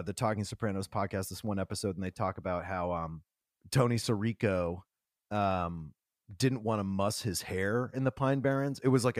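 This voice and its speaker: Excitable male podcast host, dry sound. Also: lowish voice, no echo. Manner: excitable, swears, laughs often. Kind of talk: casual podcast chat.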